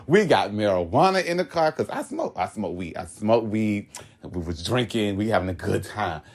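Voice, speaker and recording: A young man from Florida spins a rambling story in casual conversation. His usual voice sits fairly low, but he breaks into loud, high-pitched bursts and laughs between lines. He talks in easy, slang-heavy speech. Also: expressive, normal speed. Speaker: podcast guest telling a story.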